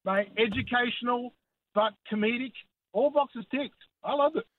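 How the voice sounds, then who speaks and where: A man's voice: extremely high pitch, normal speed. A man calling in to a radio show, enthusiastic and jokey, heard over a tinny phone line. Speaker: caller. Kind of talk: phone-in call.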